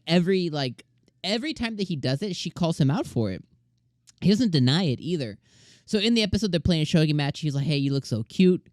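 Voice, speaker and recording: A man's voice: fairly high pitch, dry recording, studio quality. Chatty young man reviewing anime. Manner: animated, chatty, full of fillers and slang. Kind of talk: casual solo review.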